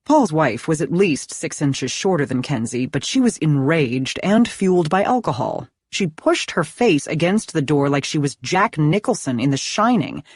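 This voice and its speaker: A woman narrating a thriller audiobook in an expressive, dramatic reading style. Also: sits low, normal speed, few pauses, breathy edge, no room sound, clean studio sound. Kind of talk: scripted narration.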